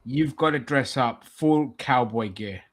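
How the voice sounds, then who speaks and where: A man's voice: mid-range voice, unhurried, crowd noise. A man chatting casually as podcast co-host, blunt and jokey with frequent swearing. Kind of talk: casual chat.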